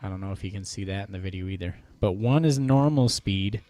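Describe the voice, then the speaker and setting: A man's voice: low-pitched, fairly quick, warm tone, no echo. A man in casual podcast chat, laughing often as he tells a story about a creepy toy.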